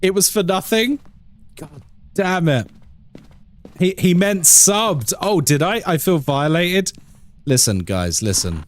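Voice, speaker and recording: A man hosts a live game stream, reading chat aloud and laughing often. His voice sits a little high and moves around a lot. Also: sing-song, takes it slowly, long pauses. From England.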